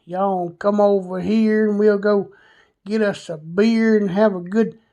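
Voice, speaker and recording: A man voicing an easygoing Southern schoolboy with a slow, stretched-out drawl. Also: sits high, fairly even intonation, mellow, lo-fi sound. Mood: friendly.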